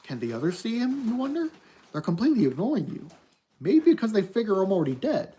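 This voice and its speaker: A streamer reads an interactive horror book aloud for an online audience, keeping the delivery steady and even. The voice is medium-pitched with a mellow, darker tone, and the speaker talks fast.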